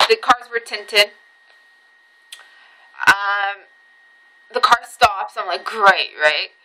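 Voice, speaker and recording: A woman's voice: mid-range voice, extremely slow, bright, forceful tone, slight background noise, rough recording. A young woman telling a rambling personal story in a casual vlog, swearing freely and breaking off into asides. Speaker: vlogger.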